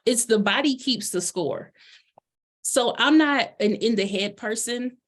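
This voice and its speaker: A woman's voice: a little high, a little slow. Bubbly woman life coach, chatty and loose, casual delivery. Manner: chatty, bubbly, lots of fillers. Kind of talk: casual presentation chat.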